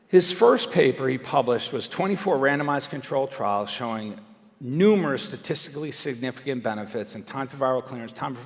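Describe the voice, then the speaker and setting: A middle-aged man giving an animated, conversational public speech, swinging between loud emphatic bursts and quiet asides. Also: medium pitch. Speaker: speaker at a live event. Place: large indoor venue. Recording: reverberant hall.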